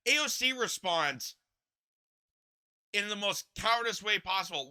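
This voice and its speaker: Impassioned young man, bright high voice. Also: animated, measured pace, long pauses, smooth. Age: young adult. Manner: impassioned, indignant, repeats himself. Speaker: political commentary host. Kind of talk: ranting political commentary.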